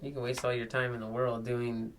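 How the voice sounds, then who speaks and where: A man co-hosting a podcast in casual chat, easygoing, laughing along and giving relaxed advice. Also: medium pitch, a little fast, slight background noise. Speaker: podcast co-host.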